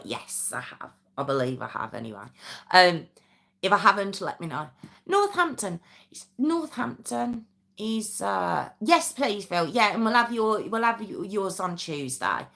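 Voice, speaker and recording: Chatty English Midlands woman, lively pitch. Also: unhurried, vocal fry. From England. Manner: chatty, rambling, self-deprecating, reads viewer comments aloud. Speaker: true crime livestream host. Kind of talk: casual live chat with viewers.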